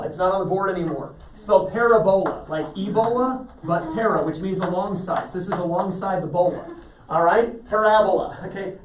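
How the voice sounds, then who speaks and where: A high-pitched man gives a math lecture, talking through problems and asking the class frequent check-in questions. Slight background noise is present, the room echoes, and he's at a distance from the microphone.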